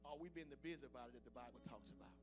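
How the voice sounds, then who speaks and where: A man preaching a fiery sermon as pastor, swinging between loud declarations and low, hushed asides. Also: rapid-fire, loud music behind the voice.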